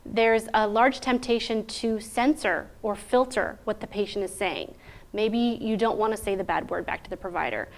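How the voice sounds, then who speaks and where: A woman teaching interpreters in a clear, methodical way, often posing rhetorical questions. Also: mid-range voice, normal speed. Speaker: interpreter trainer. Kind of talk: instructional talk.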